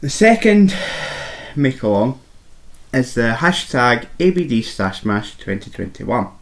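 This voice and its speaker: A man co-hosting a crafting podcast, with a voice of middling pitch. He reads the rules and slips in playful, teasing asides during casual chat. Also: lively intonation, unhurried. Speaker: podcast co-host.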